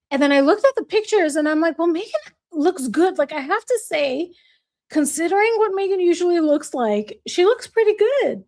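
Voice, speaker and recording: A woman with a bright, high voice chats casually on her own livestream. She reads out viewer comments and greets each viewer by name. She is bubbly and laughs easily. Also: expressive, moderate pace. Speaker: livestream host.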